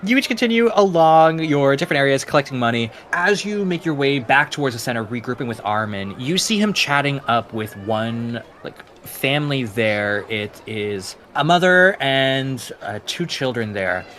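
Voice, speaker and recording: A man running a tabletop game as dungeon master, narrating the scene in a relaxed way with many "uh" fillers. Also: medium pitch, moderate pace, few pauses, a little hiss or hum. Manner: laid-back, frequent "uh" fillers.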